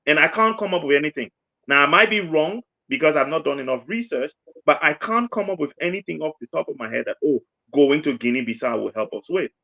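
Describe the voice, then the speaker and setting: Gravelly man on a panel. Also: on the high side, brisk, bright, forceful tone, no echo. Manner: hesitant, searching for words. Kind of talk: political panel discussion. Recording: dull lo-fi audio.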